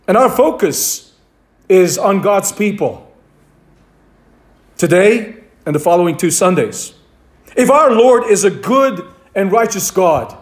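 A man preaches with a fairly high voice, leaning on key words and repeating them for emphasis. His delivery is measured and deliberate, the cadence of a pastor walking his congregation through a point step by step. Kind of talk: sermon.

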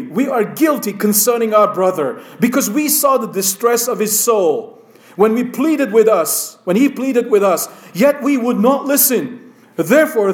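A man preaching a slow, emphatic sermon and reading scripture aloud. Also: high-pitched, a little mellow, echoey room.

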